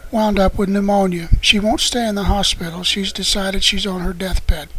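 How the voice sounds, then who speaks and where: Man doing a nervous young woman caretaker in a storybook read, hurried and apologetic, slightly raised pitch. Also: steady tone, bright, forceful tone, slight background noise, low-quality recording. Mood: anxious. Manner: rushed, apologetic, words running together.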